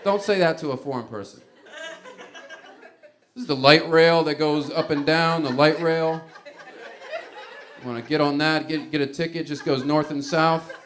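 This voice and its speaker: A man doing a stand-up comedy set, telling a rambling, conversational story in an animated way. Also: a little high, moderate pace, pauses often.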